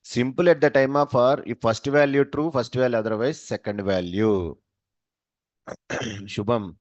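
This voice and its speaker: A man's voice: mid-range voice, measured pace, a little mellow, dry recording. A male programming teacher, running a class by asking short questions and answering them himself. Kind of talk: live coding class. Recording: dull, dry lo-fi sound.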